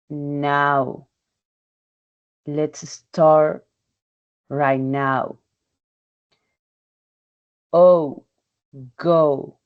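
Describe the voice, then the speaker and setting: Woman, low-pitched and very slow, halting pronunciation drill, muffled lo-fi audio. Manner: halting, repeats words and sounds one by one. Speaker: English learner presenting a pronunciation task. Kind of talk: slow, careful pronunciation practice with example sentences.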